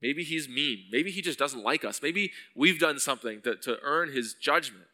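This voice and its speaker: On the high side and expressive, the pastor's voice moves at normal speed, pushed and bright, trailing a long reverb. He preaches earnestly and rises to pleading when he reads verses from the psalms.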